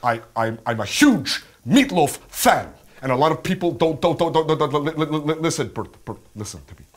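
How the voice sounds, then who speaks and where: A man's voice: big pitch swings, a little fast. A man doing an impression of an awkward, intense actor who stammers and mumbles. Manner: stammering, low mumble then loud.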